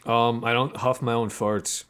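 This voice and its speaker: A man's voice: medium pitch, little pitch movement, measured pace, fairly bright tone, smooth. A man streaming his game development and chatting casually with his viewers, reading their messages aloud and answering with profane, joking banter. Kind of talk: casual livestream chat.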